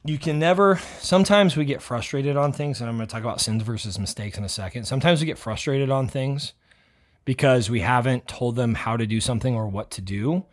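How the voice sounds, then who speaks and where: A man hosting a motivational podcast, talking bluntly and loudly with some swearing, a self-described yeller. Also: mid-range voice, brisk. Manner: blunt, profane and fired up. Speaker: podcast host.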